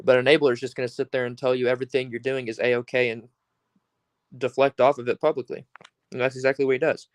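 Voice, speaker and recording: A man chatting casually and giving his opinions earnestly, with pauses and fillers. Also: mid-range voice, level tone, no room sound. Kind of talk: casual chat.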